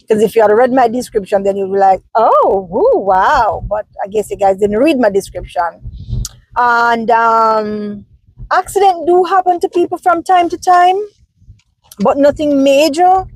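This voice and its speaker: Jamaican woman, vlogger, high-pitched, dry recording, casual animated chat to viewers. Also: dry recording, poor audio. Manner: chatty, animated, answering comments directly.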